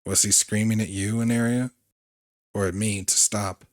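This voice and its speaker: A man hosting a game playthrough, reading the story text aloud in an earnest way, sometimes stumbling over a word and adding a quick aside. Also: on the low side, fairly even intonation, no room sound, clean studio sound. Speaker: let's play host.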